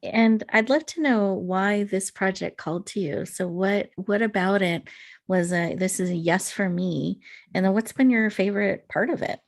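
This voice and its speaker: A woman hosting an online summit interview who affirms her guest and speaks in a measured, encouraging way. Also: medium pitch. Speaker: summit host.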